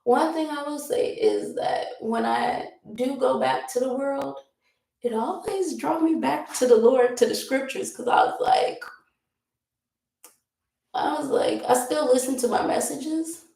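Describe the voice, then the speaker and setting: Chatty young woman with a gravelly voice. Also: high-pitched, unhurried, dark tone, echoey room, low-quality recording. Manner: rambling, laughs often, easily sidetracked. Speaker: vlogger. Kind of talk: casual chat while doing makeup.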